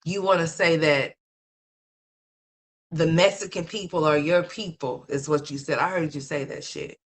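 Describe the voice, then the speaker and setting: This is an unscripted gossip commentary voice, blunt and full of profanity. The speaker scolds the listener directly and rambles, circling back to the same words again and again for emphasis. Pitch sits in the middle range. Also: fairly even intonation, moderate pace. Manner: rambling, repeats phrases for emphasis.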